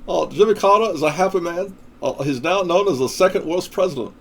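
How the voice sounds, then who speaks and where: A snide male heckler gloats in a raised, husky voice as a man puts him on. The voice sounds thin and breathy. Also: sits high, expressive, a little fast, voice pushed up, exaggerated voice. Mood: gloating.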